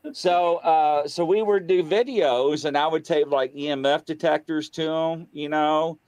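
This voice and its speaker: A man casually telling a story on a talk show, acting out the dialogue and jumping high in pitch when he gets excited. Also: measured pace, smooth, no echo. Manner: animated, acts out quoted dialogue, voice jumps high when excited. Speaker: guest on a paranormal talk show.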